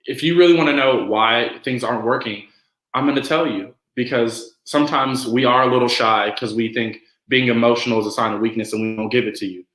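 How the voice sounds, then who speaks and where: A man's voice: medium pitch, fairly bright tone. Easygoing man, roomy echo. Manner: easygoing storyteller, acts out quotes. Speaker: podcast guest. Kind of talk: casual podcast chat.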